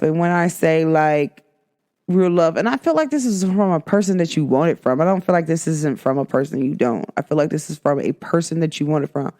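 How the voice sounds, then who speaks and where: A young woman hosts her own spiritual show in a relaxed, chatty vlog style. She circles back on her points over and over and keeps calling out to her viewers as she delivers the week's energy read. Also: low voice. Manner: chatty, repetitive, emphatic with frequent "like" and "guys". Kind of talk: casual spiritual vlog talk.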